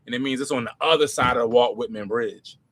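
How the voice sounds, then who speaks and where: A man, telling slangy, animated stories as a comedy creator in a casual Q&A. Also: mid-range voice, quick pace, dry recording. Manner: animated, slangy, swings loud and soft. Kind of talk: casual storytelling Q&A.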